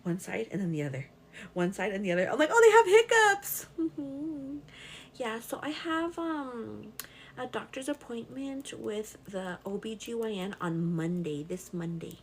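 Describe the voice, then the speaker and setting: A woman's voice: medium pitch, animated, normal speed, slight background noise. A young pregnant woman hosting a casual live stream, reading viewer comments in a chatty, affectionate way and calling everyone "girl". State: pregnant with twins.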